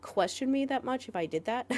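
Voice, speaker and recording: A woman co-hosting a podcast in casual chat, rambling with lots of "like" fillers and quick laughs. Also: high-pitched, lively intonation, a little mellow. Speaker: podcast co-host.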